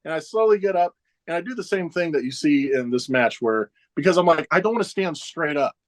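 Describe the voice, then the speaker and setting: A man's voice: fairly high pitch, expressive, brisk. A man in his forties, a professional wrestler guest, casually telling backstage stories in an interview, chuckling often and acting out other people's lines.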